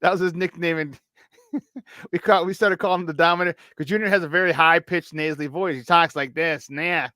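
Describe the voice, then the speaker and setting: A man hosting a morning sports talk show, chatty, joking and easily excited about his team. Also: a little high, a little fast, no echo, studio quality.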